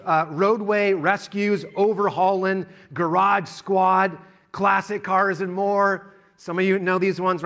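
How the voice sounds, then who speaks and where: A man's voice: high-pitched, bright, forceful tone. A man preaching a sermon, retelling a woman's story and then rousing the congregation. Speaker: pastor.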